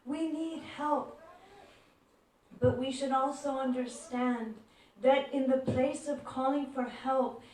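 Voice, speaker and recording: A woman giving a devotional talk, telling stories gently and acting out the voices in them. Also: high-pitched. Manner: gentle storyteller who acts out quoted voices. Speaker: devotional speaker. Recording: echoey room, far from mic.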